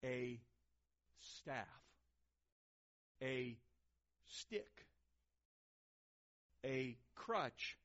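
A man preaching a sermon, swinging between loud emphasis and hushed, quiet lines. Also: mid-range voice, lively intonation, very slow, pauses often. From Texas, USA. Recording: dull lo-fi recording.

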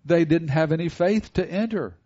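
A man's voice: fairly high pitch, moderate pace, dark tone, lo-fi sound. A man preaching a conversational sermon who acts out the voices of Bible figures as he retells their stories.

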